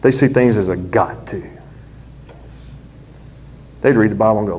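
A man preaching a sermon, telling the story with lively drama and acting out the characters in different voices. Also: on the low side, normal speed, a little hiss or hum.

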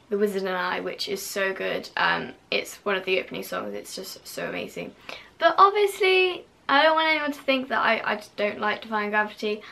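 A woman's voice: mid-range voice, creaky, sharp tone. A young woman vlogging casually to camera, gushing and full of fillers, now and then dropping to a whisper.

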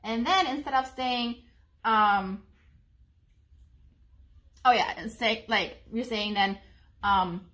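A woman teaching young children, speaking slowly and simply, with frequent pauses and ums. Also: medium pitch, a bit bright. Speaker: preschool teacher. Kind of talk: slow, gentle lesson for young children.

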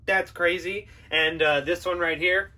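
A man's voice: high voice, steady tone, measured pace, background noise. A man hosting a podcast, giving a casual, profane and sarcastic film review with frequent laughter. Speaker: podcast host.

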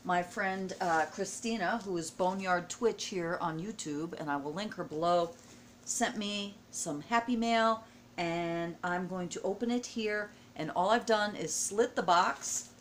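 Middle-aged woman, home vlog, emotional and gushing, unhurried speech, faint room noise. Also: fairly low pitch. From United States. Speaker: vlogger. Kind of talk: casual vlog unboxing. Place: at home indoors.

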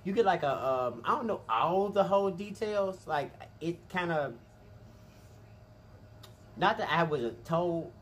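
Man, mukbang host, casual eating chat, talks very fast, animated, pitch leaps around. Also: a little hiss or hum. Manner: rapid, animated, chatty, says he talks fast.

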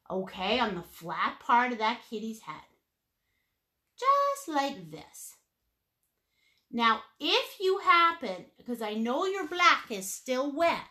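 Brief: woman art instructor, bright lively voice, unhurried, playful sing-song asides while teaching. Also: on the high side. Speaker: painting instructor. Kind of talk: live painting lesson, step-by-step instructions.

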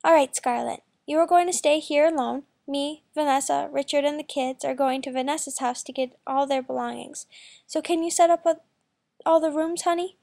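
A woman voicing a cheerful, bossy middle-aged mother who talks in a loud, upbeat way, read from a story. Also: high voice, fairly even intonation, moderate pace, vocal fry.

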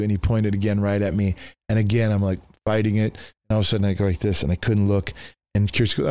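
A man's voice: lowish voice, fast, dry recording. A middle-aged man, a pastor, telling his testimony in a conversation and acting out the voices of the people in it. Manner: animated, acts out the voices of people in his story. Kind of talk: storytelling in a conversation.

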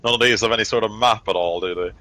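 A man's voice: lowish voice, very fast, bright, forceful tone, no echo, low-quality recording. A man voicing a sardonic, grinning male crew officer who speaks in dry, teasing asides.

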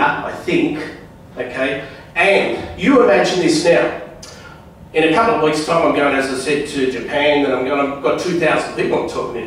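A man with a fairly high voice talks loosely to a live audience, throwing questions at them as he goes. His voice reaches a distant mic and rings through a very reverberant room, with a faint hiss behind it. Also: a bit bright. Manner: chatty, quizzes the audience with questions. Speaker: guest speaker at a club meeting. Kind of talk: informal seminar talk to a live audience. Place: meeting room at a club.

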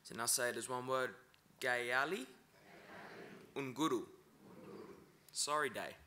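Man, language teacher, unhurried, syllable-by-syllable, bright tone. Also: medium pitch, slight background noise. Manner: slow, breaks words into syllables. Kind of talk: pronunciation lesson at a conference.

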